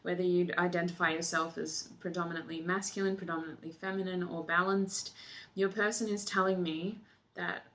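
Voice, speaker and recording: A woman's voice: on the low side, steady tone, fairly quick, a bit bright. Effusive woman reading tarot. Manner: effusive and emotional, often exclaiming and laughing. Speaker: tarot reader. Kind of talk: tarot reading, channeled messages.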